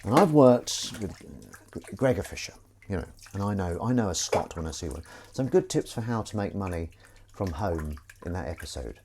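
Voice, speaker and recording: With a low-pitched, darkish voice full of big pitch swings, a man speaks at a moderate pace during a casual livestream. He reads viewer comments while washing dishes at his kitchen sink, amid slight noise of cutlery and running water.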